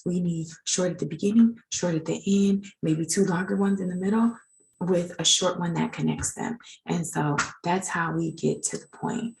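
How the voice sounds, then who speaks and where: A woman's voice: fairly low pitch, fairly even intonation, moderate pace, creaky, a little mellow, a little hiss or hum, poor audio. A woman teaching legal writing in an informal recorded lecture, chatty and self-deprecating as she edits her slides.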